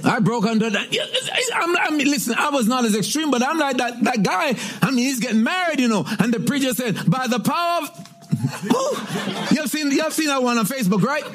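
A middle-aged male pastor preaching a sermon, emphatic, with repeated refrains and shouted exclamations. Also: extremely high pitch, sing-song, brisk.

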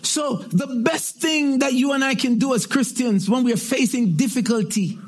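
A man with a strikingly high voice preaching a sermon. He hammers home repeated refrains and breaks into shouted exclamations. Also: normal speed, faint music behind. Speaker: pastor.

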